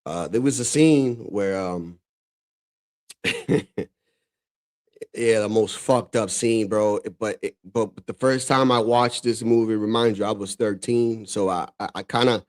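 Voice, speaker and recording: A man's voice: lowish voice, a little slow. A man from the Dominican Republic hosting a stream, reacting to clips in loose, profane chat full of "bro" and frequent laughter. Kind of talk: casual reaction commentary.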